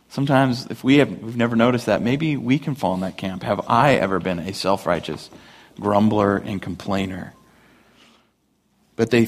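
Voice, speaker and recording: A man preaching a sermon, animated, asking rhetorical questions and acting out the voices of complainers. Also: fairly low pitch. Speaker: pastor.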